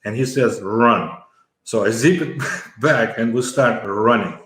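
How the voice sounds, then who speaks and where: A middle-aged man originally from the former Soviet Union, appearing as an interview guest, recounts a long story at an unhurried pace in a mid-range voice. The conversational telling is dotted with fillers and restarts, and the room echoes.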